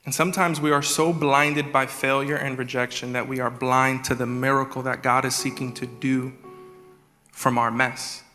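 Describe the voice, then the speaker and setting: A man preaching a sermon as executive pastor, animated, acting out prayers in a raised voice. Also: medium pitch, moderate pace. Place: church hall. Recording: live church hall with reverb and music.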